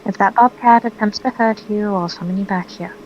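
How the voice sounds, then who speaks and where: A woman's voice: mid-range voice, fairly quick, dull audio, a little hiss or hum. A woman playing a tabletop game, direct and playful. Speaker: player. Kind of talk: casual tabletop game play.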